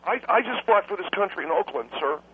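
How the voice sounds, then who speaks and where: A man's voice: sits high, lively intonation, fast talker, creaky, husky. A young adult man calling in to a radio show, cheeky and rambling, stumbling over his words. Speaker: radio caller. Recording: tinny phone line.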